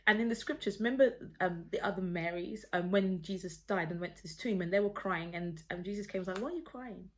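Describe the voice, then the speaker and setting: A woman's voice: on the low side, steady tone, quick pace, hardly any pauses. A woman telling a personal faith story to her phone camera at home, earnest and rambling, with many restarts. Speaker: vlogger sharing a personal testimony.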